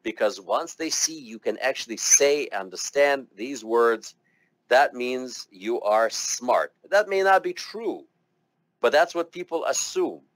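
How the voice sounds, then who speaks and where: A man's voice: medium pitch, expressive, a little slow, no room sound. A man teaching medical terminology to a class, chatty and encouraging, coaxing students to try the words aloud. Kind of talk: classroom lecture.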